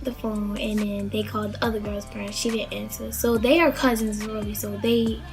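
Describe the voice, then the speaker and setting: A woman's voice: medium pitch, level tone, moderate pace, soft background music. A young woman from the Baltimore area casually telling a story, chatty and rambling with lots of fillers. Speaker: vlogger.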